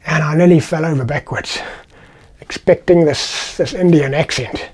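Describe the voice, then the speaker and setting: A man's voice: on the high side, moderate pace, a little mellow, slightly rough. A middle-aged man from South Africa with a South African accent, chatting casually through personal anecdotes in a vlog. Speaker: vlogger. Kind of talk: casual storytelling.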